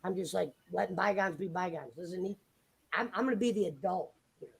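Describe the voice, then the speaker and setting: A laid-back man rambling on a casual live stream. His voice has a strong gravelly fry. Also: high voice, fairly quick.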